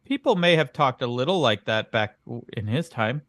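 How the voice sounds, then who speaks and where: A man's voice: medium pitch, lively intonation, moderate pace, a bit bright, dry recording, clean studio sound. A man co-hosting a comedy podcast as the bemused straight man, questioning his partner's absurd claims in improvised banter. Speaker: podcast co-host.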